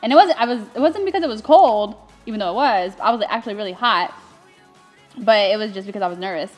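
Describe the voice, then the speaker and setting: A woman's voice: medium pitch, fast talker, faint music behind. A young adult woman co-hosting, telling a story casually and animatedly, laughing often and getting emotional. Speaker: co-host recounting her engagement.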